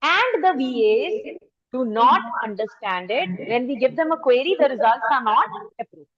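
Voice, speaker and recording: High-voiced Indian English woman lecturing. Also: very animated, moderate pace. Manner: storytelling, switches into Hindi, addresses the audience directly. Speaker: faculty trainer. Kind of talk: anecdotal lecture. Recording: dull lo-fi recording.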